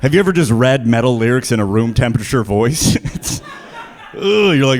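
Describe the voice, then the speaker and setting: Man, stand-up comedian, lively pitch, mid voice, bursts of shouting. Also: moderate pace. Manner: animated, jumps into loud shouted voices.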